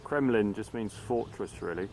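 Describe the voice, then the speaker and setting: A man with a fairly low voice talks through a casual travel diary, offhand and hesitant, often repeating his words. He is filming outdoors by a river, and clear background noise runs under the camcorder audio. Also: moderate pace, darkish tone.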